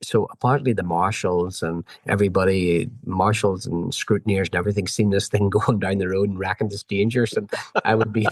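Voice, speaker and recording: A middle-aged man with a Northern Irish accent, a podcast guest telling animated anecdotes full of quoted back-and-forth dialogue. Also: low voice, fairly quick, hardly any pauses, no echo. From Northern Ireland. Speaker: guest, former road racer. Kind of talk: storytelling in a podcast interview.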